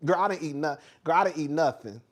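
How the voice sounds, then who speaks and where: A man hosting a casual livestream, chatty and animated, laughing often, with slang and swearing. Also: on the high side, fast. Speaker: host.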